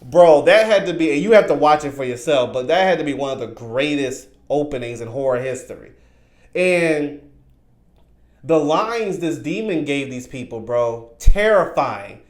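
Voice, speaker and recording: A man reviews a horror movie in a casual, excitable ramble, circling back and repeating himself. His voice sits a little high. The recording has a roomy echo. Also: normal speed.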